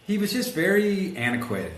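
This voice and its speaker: A man telling a story in a casual interview, animated and acting out quotes, rough around the edges. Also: sits high, moderate pace. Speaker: guest, collision shop executive. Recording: echoey room with faint background noise.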